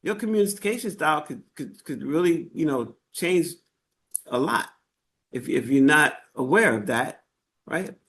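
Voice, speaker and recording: A man with a slightly high-pitched voice teaches a live online class. His delivery is conversational and loose, full of "right?" and "okay?" check-ins and small restarts. He talks through slides from a computer setup. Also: animated, unhurried, fairly bright tone, slight background noise. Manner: frequent fillers and restarts. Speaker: workshop instructor.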